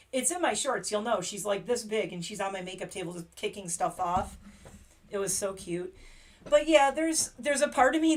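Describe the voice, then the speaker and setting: Rambling, chatty woman. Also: mid-range voice. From Pennsylvania, USA. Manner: rambling, chatty, laughs often. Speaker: livestream host. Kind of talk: casual livestream chat.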